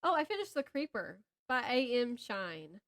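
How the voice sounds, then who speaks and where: A woman's voice: on the high side, sing-song, normal speed, a bit bright. A woman with a Southern American accent co-hosting a casual book podcast, rambling and stopping herself mid-thought, laughing often. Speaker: podcast co-host. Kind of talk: casual chat about books.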